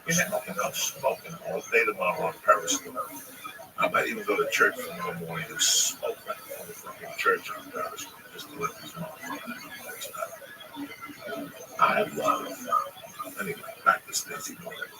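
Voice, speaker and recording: A man's voice: sits low, huge pitch swings, moderate pace. A man hosting a livestream, telling stories and ranting with blunt, heavily profane advice. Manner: blunt, heavy swearing, preachy advice. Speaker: livestream host. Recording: distant mic in loud noise.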